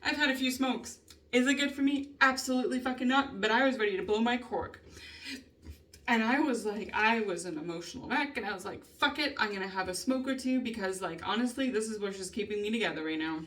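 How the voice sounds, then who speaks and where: A woman vlogger with a slightly high, brisk, somewhat bright voice is picked up by a distant mic. She vents in a rambling, casual way, swearing heavily and laughing nervously between thoughts.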